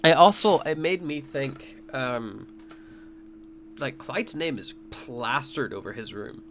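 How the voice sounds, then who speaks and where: Podcast co-host, casual rambling recap guy, mid pitch, hum and hiss under him. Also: expressive, slow pace. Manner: rambling, laughs often, retells scenes. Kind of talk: casual review chat.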